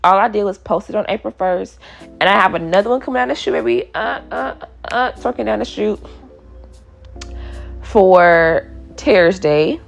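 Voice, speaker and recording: Hosting a solo podcast, a woman in her twenties chats and riffs playfully, laughing as she goes. Her voice is mid-range, fast and gravelly, with faint music behind her.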